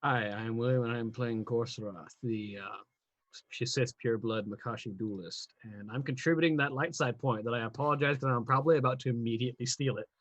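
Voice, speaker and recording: A man's voice: medium pitch, brisk, a bit bright, no room sound, rough recording. A man introducing his character in a tabletop game, wry and apologetic. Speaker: player. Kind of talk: casual tabletop game chat.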